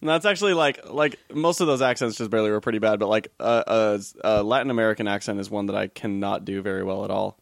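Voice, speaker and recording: A man's voice: lowish voice, fast talker, creaky, few pauses, no echo, studio quality. A man hosting a casual podcast chat, rambling with restarts and swearing freely.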